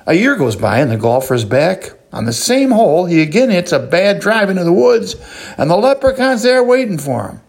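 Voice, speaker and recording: A male host who tells a joke in a folksy, animated way and then signs off the show. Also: fairly high pitch, moderate pace, vocal fry, husky. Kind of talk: joke telling and show sign-off.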